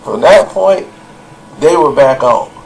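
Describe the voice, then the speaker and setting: A man's voice: a little high, expressive, slow pace, creaky, slight background noise, low-quality recording. A man telling a story in casual commentary, hesitant and rambling, with many fillers and restarts. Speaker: commentator in the reviewed video.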